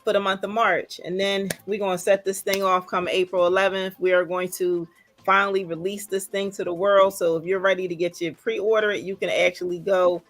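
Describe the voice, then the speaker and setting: A woman hosting a casual livestream, upbeat and animated, repeating phrases for emphasis. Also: mid-range voice, brisk, faint music behind. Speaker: livestream host.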